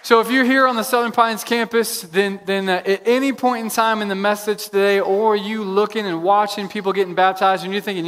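A man preaching a sermon as pastor, energetic, repeating phrases for emphasis, in a church. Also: sits high, a little fast, few pauses. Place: church sanctuary. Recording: long reverb of a large hall.

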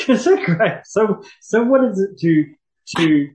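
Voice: mid-range voice, animated, takes it slowly, darkish tone, low-quality recording. A podcast co-host in casual chat, laughing often and trailing off mid-thought.

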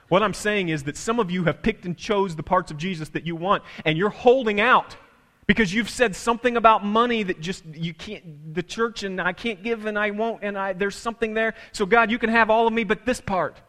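A man's voice: high-pitched, sharp tone. A man preaching a sermon as pastor, impassioned and repetitive, often restarting his phrases. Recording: long church reverb.

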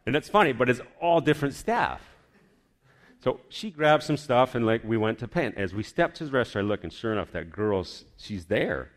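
A man preacher telling a personal testimony as a lively storyteller, often sinking into a hushed, low voice. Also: fairly quick.

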